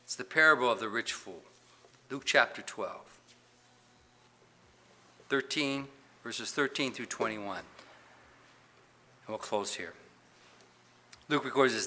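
A man's voice: mid-range voice, slow pace, long pauses. A man preaching a sermon as pastor, asking the congregation questions and reading Scripture aloud with rising force. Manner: emphatic preaching, rising loud on questions and Bible quotes.

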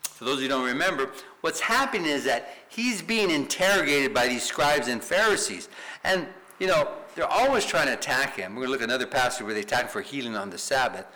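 A man's voice: mid-range voice, animated, fast talker, bright, forceful tone, rough recording. A man teaching a Bible study in sermon style, emphatic, asking rhetorical questions and tagging points with "right?".

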